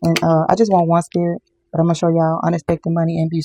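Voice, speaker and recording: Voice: medium pitch, level tone, racing, mellow, a little hiss or hum. A tarot reader giving a casual card reading to viewers, emphatic and repetitive, often calling the audience y'all.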